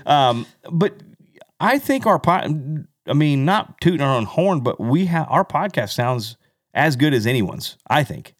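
A man's voice: fairly high pitch, very animated, a little slow, no echo, clean studio sound. A man co-hosting a podcast in casual chat, rambling with many fillers and restarts. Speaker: podcast co-host.

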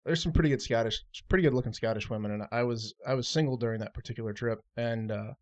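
A young adult man telling rambling, lively travel stories in a casual chat with friends. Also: medium pitch, fast. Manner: rambling, animated anecdotes with laughs. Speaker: podcast co-host. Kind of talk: casual storytelling. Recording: dull lo-fi recording.

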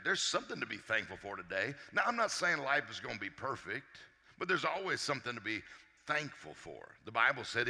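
Man, success coach, very bright tone, long hall reverb, lively joking delivery. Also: medium pitch, a little fast. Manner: energetic, joking, quizzes the crowd. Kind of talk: motivational talk to a live audience. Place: large hall with a live audience.

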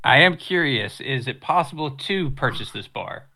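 A man player in a tabletop game asking the game master a question, speaking haltingly and repeating words. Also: mid-range voice, lively intonation, creaky, bright, forceful tone.

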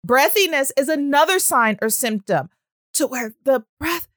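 A woman speech-language pathologist giving a casual, animated talk, with frequent fillers. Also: sits high, moderate pace, no room sound, clean studio sound. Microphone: audio-only recording.

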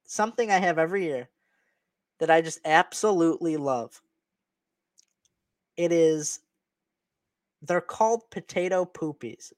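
A man's voice: fairly high pitch, unhurried, long pauses, no room sound. Playful man chatting on a podcast. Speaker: podcast co-host. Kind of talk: casual chat.

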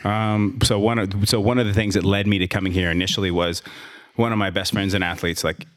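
A man with a very low, deep voice tells a long personal story in a casual interview. He rambles, restarts his sentences and slips in sarcastic asides. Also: little pitch movement, a little fast. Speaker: guest, gym owner and trainer.

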